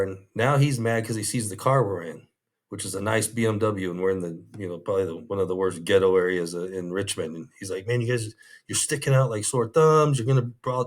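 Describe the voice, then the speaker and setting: A man with a low voice tells a story in an interview. He acts out the other people, lifting his voice for their lines. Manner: animated retelling, quoting others in raised voices. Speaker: former undercover officer telling a story.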